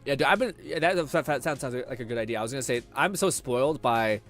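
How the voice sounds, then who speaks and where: A young Canadian man streams a game and chats casually with viewers, reading their comments, rambling, swearing and laughing often. He talks fast in a medium-pitched, slightly bright voice with faint music behind him.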